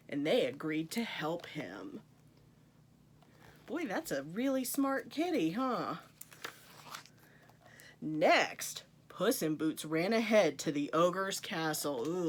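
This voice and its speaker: A woman reading a picture book aloud to children, with playful asides to her young listeners. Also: on the low side. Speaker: storytime reader.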